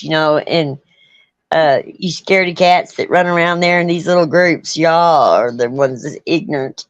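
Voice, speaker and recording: A woman's voice: deep voice, moderate pace, no room sound. A middle-aged woman hosting a casual chat, folksy and blunt, laughing often. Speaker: host. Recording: dull lo-fi sound.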